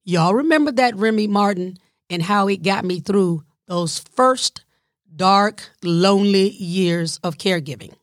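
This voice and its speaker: Southern woman, casual monologue storyteller, unhurried delivery, dry close sound, chatty with asides. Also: medium pitch, no echo. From Southern United States. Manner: chatty, digressive, playful asides to listeners. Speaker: storyteller, caregiver.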